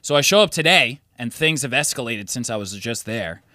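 A man's voice: medium pitch, lively intonation, a little fast, bright, forceful tone, dry recording, clean studio sound. A man co-hosting a casual podcast, a physical therapist telling stories in a laid-back, profane chat. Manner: laid-back, swearing, storytelling with quoted voices. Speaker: podcast co-host.

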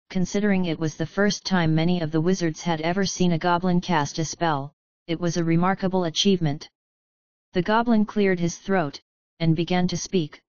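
A woman narrating a fantasy audiobook in a measured, steady reading. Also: fairly low pitch, smooth, dry recording, muffled recording.

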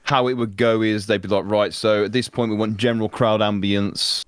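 A man's voice: on the low side, fairly even intonation, normal speed, smooth, no echo, studio quality. A young man, a voice actor, telling stories in a casual interview and laughing often as he acts out lines. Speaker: voice actor guest.

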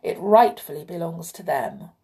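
A woman voicing a stern, scornful little man who plays the flute, speaking firmly and loudly. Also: lowish voice, expressive, moderate pace. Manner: firm and scornful.

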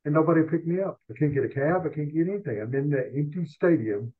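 An older man, a sports columnist guest on a podcast, telling rambling, salty, self-mocking stories in an animated way. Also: on the high side, fast. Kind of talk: rambling anecdotal storytelling. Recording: tinny phone-like line.

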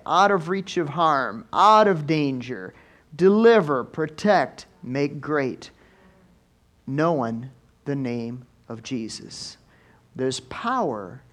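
A male pastor preaching a lively sermon in church, swinging from soft asides to loud exclamations. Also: on the high side. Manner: animated preaching with big swings in loudness.

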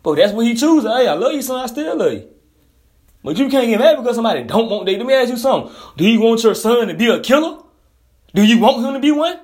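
A man's voice: very high-pitched, sing-song, fast talker, darkish tone. A man delivering a blunt, profane, heated casual monologue as a commentator.

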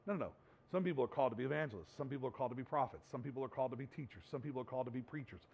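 A man's voice: medium pitch, rapid-fire, creaky, darkish tone, breathy edge, muffled recording. A man as pastor, preaching a casual, conversational sermon that builds to emphatic points.

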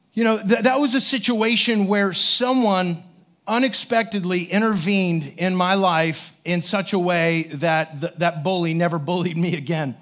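A male pastor preaches with a high, light voice. He tells his stories in an animated way, acting out the other people's lines and filling his talk with "like" and "um". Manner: animated storyteller, acts out voices, many fillers. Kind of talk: sermon with storytelling.

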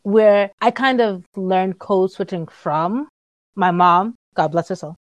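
A woman with a mid-range voice tells a personal story in a casual chat. She slips into lively impressions of other people. The recording is dry and close. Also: medium pitch, takes it slowly, no echo. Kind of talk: casual conversation.

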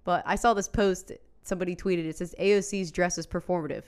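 Fast-talking, blunt, swearing woman. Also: fairly low pitch, steady tone, a little mellow, smooth. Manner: swears a lot, blunt and exasperated. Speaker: podcast co-host. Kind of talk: casual political chat.

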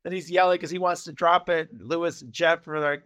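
A man's voice: a little high, fairly quick. A man co-hosting a podcast, chatting casually and acting out scenes from a TV episode in shifting voices. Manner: animated, acts out lines in loud shifting voices. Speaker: podcast co-host. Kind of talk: casual chat recapping a TV episode.

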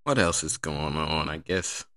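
A man's voice: a bass voice, unhurried, fairly bright tone, no room sound. A man in a casual, joking solo monologue who laughs at his own jokes and acts out other people's lines.

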